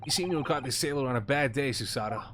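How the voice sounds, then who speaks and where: A man voicing a polite, composed young woman assistant in a game, speaking in a measured way. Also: medium pitch, lightly acted. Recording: steady background noise.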